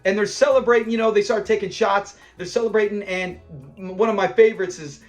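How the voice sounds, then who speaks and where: High-voiced man recapping a sitcom episode. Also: steady tone, fairly quick, faint music behind. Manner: chatty and enthusiastic, laughs often while recapping scenes. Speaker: show review host. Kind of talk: casual episode breakdown commentary.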